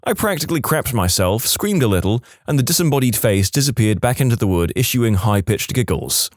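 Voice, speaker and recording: A man narrating submitted stories in a lively storytelling manner, with dramatic pauses. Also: medium pitch, no room sound, clean studio sound. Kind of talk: scripted narration of reader stories.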